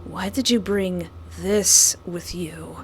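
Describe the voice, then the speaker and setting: A woman voicing a soft-spoken, creepy young man who holds someone captive, talking slowly and coaxingly in a visual novel. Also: lowish voice, a little hiss or hum. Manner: soothing, slow and coaxing.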